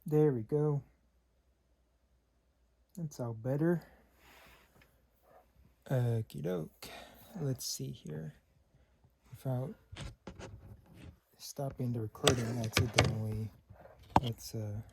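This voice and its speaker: A man at home speaks slowly and haltingly in a casual unboxing vlog, openly sentimental as he talks. His voice sits in a middle pitch. A steady hiss of background noise runs under the recording. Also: gravelly. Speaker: vintage fan collector.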